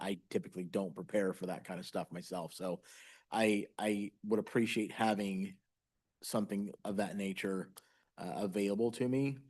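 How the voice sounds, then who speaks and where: Lower-voiced man commissioner, halting. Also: a little mellow. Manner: measured, halting. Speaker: county commissioner. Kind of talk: public meeting discussion. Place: county meeting room.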